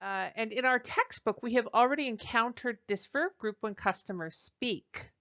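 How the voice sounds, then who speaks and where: A woman teaching a recorded French lesson, talking deliberately with frequent ums and uhs and modelling phrases for repetition. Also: a little high, a bit bright, highs cut off.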